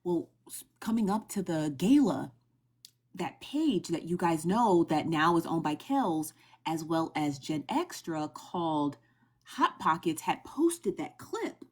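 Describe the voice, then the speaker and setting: A young woman on a phone livestream, casually recapping online gossip in a chatty, animated way and asking her viewers questions. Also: low voice, slow pace, husky. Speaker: TikTok live streamer sharing gossip news.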